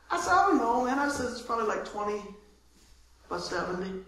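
High-voiced pastor man in echoey church. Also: fairly quick, a little hiss or hum. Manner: animated storytelling, laughing often, repeats words. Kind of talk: casual sermon.

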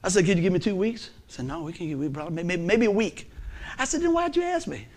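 This is a preacher in his fifties with a notably high voice. He tells his story in a folksy, animated way. He shifts between near-whispers and loud, ringing declarations. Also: fast talker, a little hiss or hum. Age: 50s. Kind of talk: sermon storytelling.

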